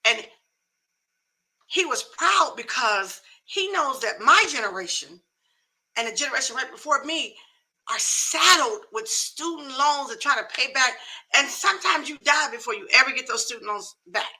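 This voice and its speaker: A woman's voice: sits high, animated, normal speed, sharp tone, low-quality recording. A middle-aged woman hosting a live talk show, giving emphatic, folksy advice in a casual, preachy way.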